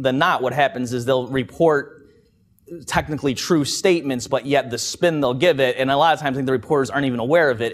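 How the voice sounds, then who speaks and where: A man giving an informal talk to a live conference audience as an economist, wry and conversational. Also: mid-range voice. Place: conference room.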